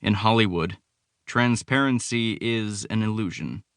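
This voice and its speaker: A man's voice: lowish voice, unhurried, fairly bright tone, clear, resonant tone, no room sound. A man narrating a first-person romance audiobook with a cynical, wry tone.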